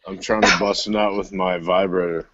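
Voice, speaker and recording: A man's voice: deep voice, flat delivery, moderate pace, heavy background noise. A man on a podcast, making crude, laid-back jokes in casual banter. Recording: dull lo-fi audio.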